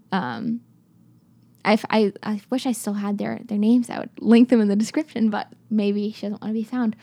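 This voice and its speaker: With a mid-range, slightly mellow voice, a young woman chats through travel stories for her viewers. She's a travel vlogger who addresses them directly and uses lots of fillers.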